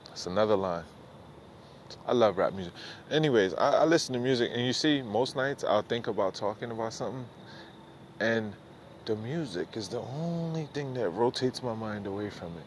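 A middle-aged man with a lowish voice rambles through a solo podcast. He talks loose and profane, drifting between thoughts and poking fun at himself. A faint hiss of noise sits behind him. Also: animated, moderate pace. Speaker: podcast host. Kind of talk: casual rambling monologue.

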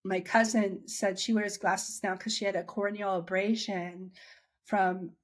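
A woman's voice: mid-range voice, level tone, a little slow. Chatty woman telling her story. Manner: chatty, with many restarts and acted-out quotes. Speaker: interviewee sharing her dry eye story. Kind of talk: casual conversational storytelling.

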